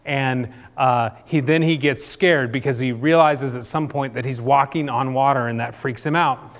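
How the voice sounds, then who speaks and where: A man's voice: medium pitch, normal speed. A man leading table discussions in an informal church talk, conversational and questioning, with frequent fillers and restarts. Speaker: church group leader. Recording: long reverb from a hall.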